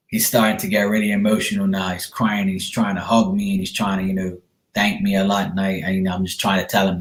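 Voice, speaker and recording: A man's voice: low voice, flat delivery, fast talker. A man, working as a medium and giving a casual, reassuring reading to a viewer, often calling her sweetheart. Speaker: psychic medium. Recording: echoey room.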